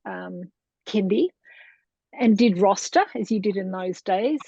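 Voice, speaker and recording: Speaking at medium pitch with a darkish tone, this middle-aged Australian guest, who lectures in Montessori, shares her story in a relaxed interview. She rambles chattily and laughs a lot, and the lo-fi recording sounds dull and dry, without room sound.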